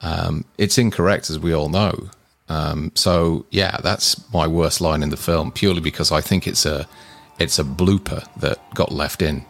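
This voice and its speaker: A man's voice: a bass voice, steady tone, normal speed, gravelly, soft background music. A man co-hosting a casual film podcast, earnestly explaining his picks at length. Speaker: podcast co-host. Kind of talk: casual film review chat.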